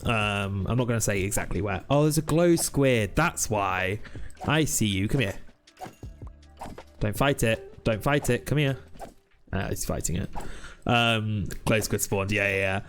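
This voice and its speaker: A man's voice: lowish voice, a little slow, soft background music. A young British man streaming a game, chatting casually with viewers and rambling between ums. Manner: rambling, chatty, lots of ums, reads chat aloud. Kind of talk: casual live-stream chat.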